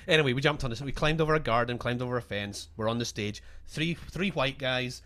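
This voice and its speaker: A man's voice: mid-range voice, brisk, few pauses, fairly bright tone. Chatty man spinning a travel anecdote. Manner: chatty, self-deprecating, restarts. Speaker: podcast co-host. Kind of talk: casual storytelling.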